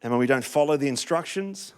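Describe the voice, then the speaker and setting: In a church, a middle-aged Australian man preaches a sermon and tells a personal story with emotional, animated delivery and big swings in loudness. His voice is fairly high, clear and resonant, and he talks fast.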